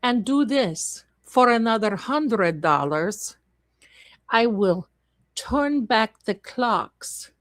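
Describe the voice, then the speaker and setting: A woman's voice: fairly high pitch, expressive, drawn-out words, fairly bright tone, no room sound, full character voice. A woman voicing a greedy woman fortune teller who runs a scam, with wheedling sales patter and broken grammar. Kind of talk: comic improvised role-play.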